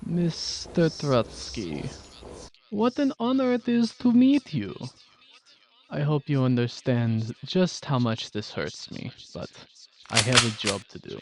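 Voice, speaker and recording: A man voicing a mock-grave Soviet commissar in a put-on Russian accent, slow and theatrical. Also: medium pitch, big pitch swings, slight background noise, low-quality recording. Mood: mock-sorrowful.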